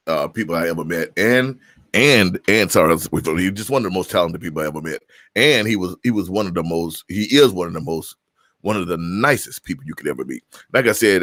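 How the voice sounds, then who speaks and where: Chatty low-voiced man hosting a livestream. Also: fairly bright tone, no room sound, clean studio sound. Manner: rambling, chatty, self-interrupting. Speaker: host.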